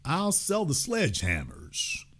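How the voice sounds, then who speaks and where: A middle-aged man hosting a heated political monologue, emphatic and sarcastic, taunting with loud outbursts and low asides. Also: huge pitch swings, slow, slightly rough. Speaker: political commentary host.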